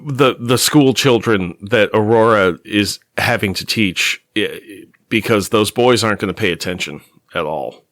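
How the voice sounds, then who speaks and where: A man co-hosting a casual comic-book podcast, sarcastic and jokey, with quick asides. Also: lowish voice, a bit bright, dry recording, clean studio sound. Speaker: podcast co-host.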